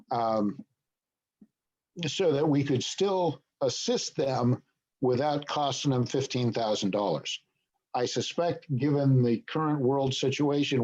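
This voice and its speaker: A man's voice: medium pitch, darkish tone, highs cut off. A man leading a business broker training, explaining points and checking in with "okay?". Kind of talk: training session talk.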